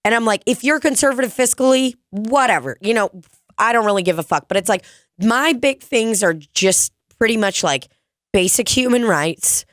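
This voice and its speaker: A woman's voice: fairly high pitch, expressive, normal speed, a bit bright, no room sound, clean studio sound. A woman co-hosting a casual podcast, blunt and crude, swearing freely as she talks. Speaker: podcast co-host.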